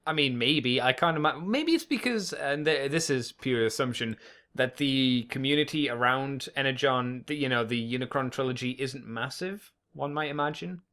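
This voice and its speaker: A man's voice: mid-range voice, expressive, normal speed, a bit bright. A man co-hosting a podcast, rambling and correcting himself as he goes, often laughing. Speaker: podcast co-host. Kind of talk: casual chat.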